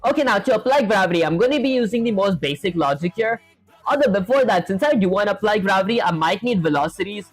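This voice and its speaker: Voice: mid-range voice, expressive, fast talker, no echo, soft background music. Casual rambling live-coding streamer. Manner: casual, rambling, many fillers and self-corrections; reads and answers chat questions. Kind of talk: thinking aloud while coding live.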